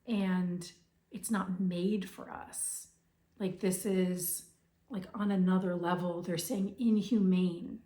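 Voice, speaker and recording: Hoarse, slow-talking woman giving a reading. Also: medium pitch, warm tone, roomy sound. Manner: hesitant, full of fillers, dips into whispers. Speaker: intuitive reader. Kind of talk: spiritual channeled reading.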